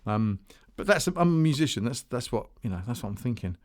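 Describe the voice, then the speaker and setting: A man talks on his own between tracks as the host of a music podcast. His voice sits at an ordinary middle pitch. He rambles and restarts his sentences, with a loose, chatty manner. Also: animated, fairly quick. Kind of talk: casual solo chat between tracks.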